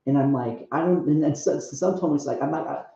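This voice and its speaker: A young man tells a rambling personal story, stopping and restarting and leaning on filler words. His voice is mellow and dark. It is heard in a very echoey room through a muffled, lo-fi recording. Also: fairly high pitch, creaky. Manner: halting, full of restarts and "like". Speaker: speaker sharing a testimony.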